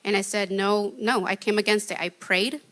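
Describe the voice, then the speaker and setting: Shy woman telling her church testimony, halting and earnest, bright tone. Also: medium pitch, fairly even intonation. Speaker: guest giving testimony.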